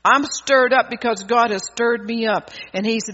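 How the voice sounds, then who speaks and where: A man with a very high, bright and forceful voice delivers an impassioned sermon. His words ring out with a long hall reverb on a dull, muffled recording. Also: moderate pace. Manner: impassioned, fervent preaching with rhetorical questions. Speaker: preacher. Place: church service.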